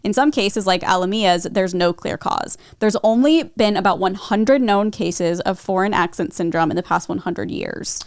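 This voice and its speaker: A woman's voice: medium pitch, normal speed, few pauses, no room sound, clean studio sound. A young woman co-hosting a podcast who chats casually, laughs often and says "like" a lot. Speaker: podcast co-host. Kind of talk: casual chat.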